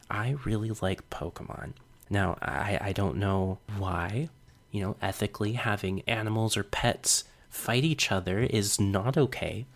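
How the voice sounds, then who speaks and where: Earnest young man telling a personal story. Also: on the low side. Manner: reflective, earnest, with small self-conscious laughs. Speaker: podcast host.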